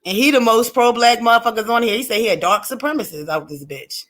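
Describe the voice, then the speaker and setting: Blunt, animated woman co-host. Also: on the high side, fast talker. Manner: blunt, animated, profane, laughs often. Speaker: livestream co-host. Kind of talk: casual live-stream chat.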